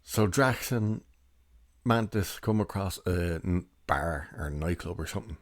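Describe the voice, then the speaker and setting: A young man with a low, deep voice talks through a film review in a loose, rambling way and chuckles as he goes. His voice is recorded close and dry, with no room sound around it. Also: unhurried, dry recording. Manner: rambling, chatty, laughs while recounting. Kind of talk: casual spoken film review.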